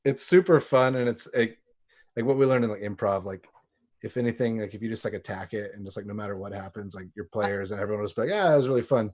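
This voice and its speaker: Soft-spoken man trailing off. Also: on the low side, steady tone, quick pace. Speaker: podcast guest. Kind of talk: casual round-table chat.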